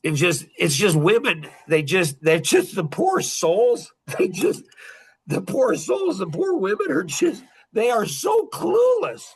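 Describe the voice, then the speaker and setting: A man's voice: sits high, very animated, takes it slowly, breathy edge. A middle-aged man hosting a podcast in casual talk, blunt and rambling, often repeating himself. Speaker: podcast host.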